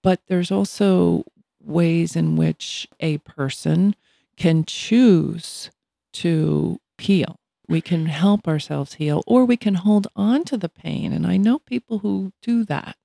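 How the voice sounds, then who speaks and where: A woman's voice: fairly low pitch, slow, gravelly, dark tone, no room sound, studio quality. A woman in her sixties co-hosting a casual talk show, speaking reflectively and thoughtfully. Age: 60s. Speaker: podcast co-host. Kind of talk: casual chat.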